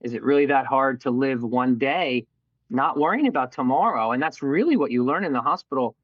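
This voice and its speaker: A man's voice: medium pitch, fairly quick, no echo, muffled recording. A middle-aged man telling his life story in a candid, casual interview, acting out what people said to him. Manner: candid, animated storyteller who acts out quoted voices and swears casually.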